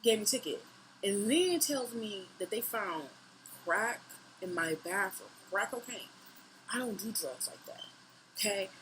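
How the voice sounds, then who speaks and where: A young woman with a bright, forceful voice tells a story straight to her camera at home. She swears freely and acts out what she said back then. A faint hiss sits under her voice. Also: mid-range voice, a little slow, low-quality recording. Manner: animated, profane retelling that acts out her own lines. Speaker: vlogger. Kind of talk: storytime monologue.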